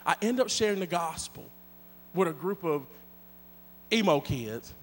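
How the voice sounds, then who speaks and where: A high-voiced man preaches a storytelling sermon to his congregation, lively, joking and conversational, a little slow. His voice rings with a long reverb, as in a large church hall.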